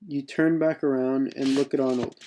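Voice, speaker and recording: A man reads his own second-person adventure text in a casual, unpolished way. His voice is mellow and stays fairly flat in pitch. He breaks off now and then with spoken asides. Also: normal speed, slight background noise. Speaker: writer reading his own mission text.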